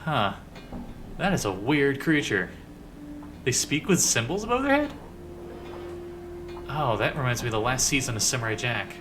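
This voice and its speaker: Guy chatting through a game, lively up and down voice, jokes at himself. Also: medium pitch, normal speed, long pauses, music in the background. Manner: casual, self-deprecating asides. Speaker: gaming video host. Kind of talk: voice-acted game playthrough.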